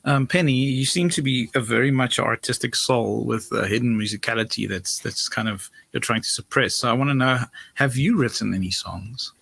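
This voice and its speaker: Gravelly man rambling in a bright voice. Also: mid-range voice, dry recording. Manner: rambling, halting restarts. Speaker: guest. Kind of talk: casual chat.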